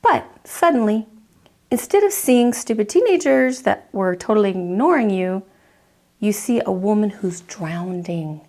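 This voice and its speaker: A woman counselor teaching a lesson, telling a story vividly and acting out the reactions in quick asides. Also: medium pitch, animated, a little mellow.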